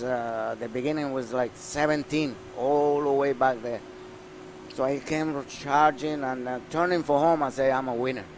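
An older Panamanian man, a former jockey, reminisces about races in a slow, deliberate way, his Spanish accent colouring each phrase. He gets animated in the thick of a story and then trails off softly. A faint hum of ambience sits under the voice. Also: medium pitch. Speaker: retired jockey. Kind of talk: reminiscing interview.

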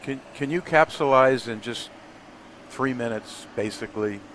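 A man hosting an interview who asks questions in a relaxed, conversational way. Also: mid-range voice, measured pace. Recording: faint air-conditioning hum.

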